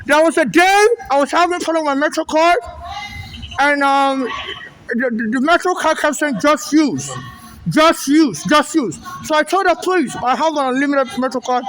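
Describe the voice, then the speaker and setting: A man from Nigeria with a voice muffled by a face mask, filming an agitated confrontation on a handheld phone in a subway station. He is agitated, stammers and repeats himself, and often shouts. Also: very high-pitched, moderate pace.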